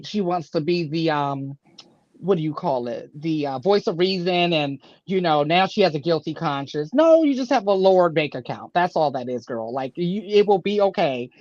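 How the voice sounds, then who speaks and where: A woman's voice: on the low side, a little mellow, dry recording. Dry, sarcastic woman on a muffled mic. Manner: blunt and sarcastic. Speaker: panelist. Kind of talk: casual commentary chat. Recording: dry, dull lo-fi sound.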